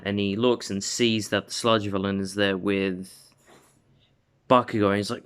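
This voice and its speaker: A man's voice: fairly low pitch, steady tone, moderate pace, a bit bright, clear, resonant tone. A man casually retelling a fan-made story, rambling with lots of "like" and restarts. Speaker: video host.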